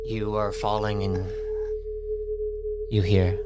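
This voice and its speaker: A man narrating as game master, slowly and loosely, often restarting his sentences. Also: fairly low pitch, little pitch movement, noisy background. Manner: slow, with restarts and hedging "like".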